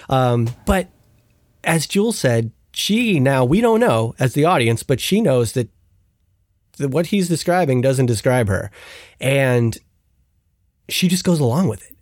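A man's voice: a little high, dry recording, studio quality. A man hosting a podcast, chatting casually and animatedly about a TV show and laughing as he retells scenes. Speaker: podcast host.

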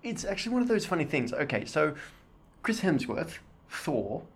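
A man's voice: a little high, big pitch swings, moderate pace, creaky. An Australian man from Sydney chatting casually, thoughtful and hesitant with many fillers. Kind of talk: casual chat.

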